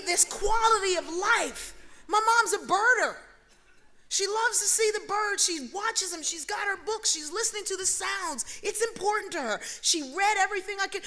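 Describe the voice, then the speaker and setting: A middle-aged woman speaks to an audience with a high, bright voice. She tells personal stories with humor and energy, and she acts out the dialogue as she goes. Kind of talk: storytelling speech.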